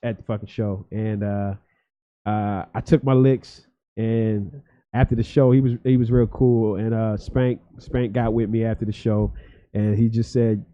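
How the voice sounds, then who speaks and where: A man's voice: mid-range voice, steady tone, normal speed. A man from Philadelphia, a guest comedian, telling stories in a loose, profane, rambling way full of fillers. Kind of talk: casual storytelling chat. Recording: dull lo-fi podcast audio.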